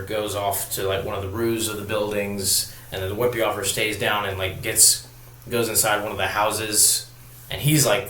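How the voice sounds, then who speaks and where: A man's voice: lowish voice, bright, forceful tone, slight background noise. A man giving a casual, rambling spoken review of a TV show, filling his talk with "like" and "you know". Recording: roomy echo.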